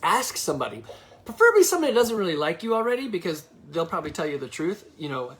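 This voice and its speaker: A man who coaches youth sports, giving blunt, animated advice to sports parents. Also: high-pitched, quick pace. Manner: blunt, animated, lively delivery.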